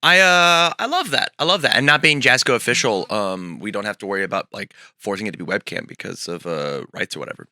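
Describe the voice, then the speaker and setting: A man hosting a stream in casual chat, his voice hoarse, eager and often repeating himself. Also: lowish voice, lively intonation, fast talker, hardly any pauses, bright, forceful tone, no echo, studio quality. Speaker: stream host.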